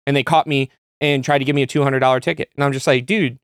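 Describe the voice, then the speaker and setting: A man co-hosting a casual podcast chat, animated and laughing as he tells a funny story. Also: mid-range voice, very fast, dry recording, studio quality. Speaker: podcast co-host.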